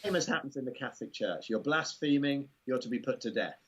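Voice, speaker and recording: Englishman, husky voice, rambling chatty interview guest on a muffled lo-fi recording. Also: medium pitch, animated, fast talker. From England. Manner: rambling, amused, full of "you know" asides. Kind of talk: casual conversational interview.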